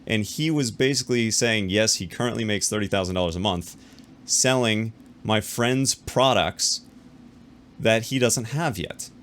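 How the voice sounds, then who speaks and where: In a deep voice, a YouTuber gives an animated, loose retelling of a business story directly to his viewers. His speech is quick and conversational, full of repeats and restarts, as he plays the other characters.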